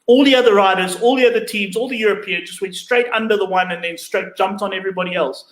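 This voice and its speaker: A man with a high voice co-hosts a casual chat, telling stories in a lively, jokey way. His voice echoes around the room. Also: fast. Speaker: podcast co-host.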